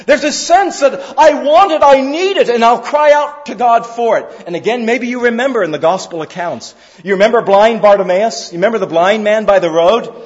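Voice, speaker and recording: A man's voice: very high voice, normal speed, few pauses. A man preaching a sermon at a church service, earnest and repetitive, building to emphatic calls. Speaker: pastor. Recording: roomy hall, slightly dull sound.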